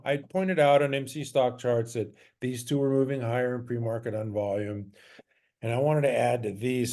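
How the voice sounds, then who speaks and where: Mellow-voiced man talking through stock charts. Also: mid-range voice. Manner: loose and chatty, with frequent fillers and self-corrections. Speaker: stock trader reviewing his trades. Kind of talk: casual chart walkthrough.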